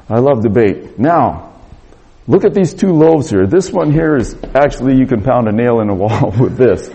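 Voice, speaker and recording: A middle-aged man preaching a storytelling sermon, animated and acting out the dialogue. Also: a little high, slightly rough.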